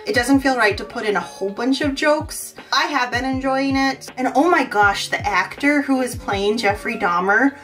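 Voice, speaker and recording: A woman's voice: fairly high pitch, moderate pace, hardly any pauses, a bit bright, far from the mic, faint music behind. A woman with a Minnesota accent, rambling conversationally in a chatty get-ready-with-me vlog at home. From Midwest US. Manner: rambling, conversational, lots of "like" fillers. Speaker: beauty vlogger.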